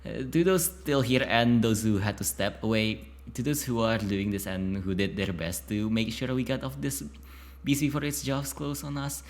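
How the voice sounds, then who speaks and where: A man reading a narrative game's text aloud, often stumbling over words and breaking off into chatty asides to himself. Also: lowish voice. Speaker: YouTuber playing a narrative game.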